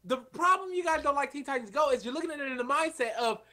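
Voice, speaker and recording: A young man co-hosting a casual podcast chat, excitable and prone to sudden loud outbursts. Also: extremely high pitch, quick pace, crowd noise. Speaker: podcast co-host.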